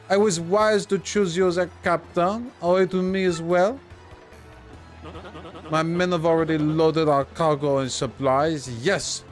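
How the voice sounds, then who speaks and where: A man's voice: on the high side, pitched above the performer's own voice, close to an everyday voice. A man hamming up a pompous French-flavored captain. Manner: grandiose, theatrical mock-French flair. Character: pompous flamboyant male ship captain.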